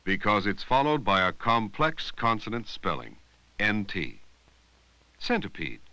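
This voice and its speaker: A man narrating an old educational film about reading long words, speaking slowly and deliberately and stretching out words to show their sounds. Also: on the low side, very animated, bright, forceful tone, dry recording, poor audio. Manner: slow, deliberate, drawing out words to teach sounds. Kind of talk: scripted instructional narration. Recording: dry, close voice-over from an old 16mm film.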